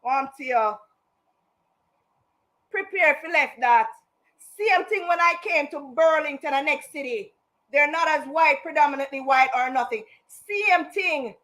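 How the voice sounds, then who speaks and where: A woman's voice: sits high, normal speed, fairly bright tone. A woman, telling her own story on a casual live stream, indignant and emphatic, slipping into patois. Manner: slips into patois.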